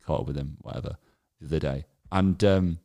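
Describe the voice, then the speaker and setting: Deep-voiced young man. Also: fairly quick, mellow. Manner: hesitant, restarts a lot, laughs easily. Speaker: podcast co-host. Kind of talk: casual chat.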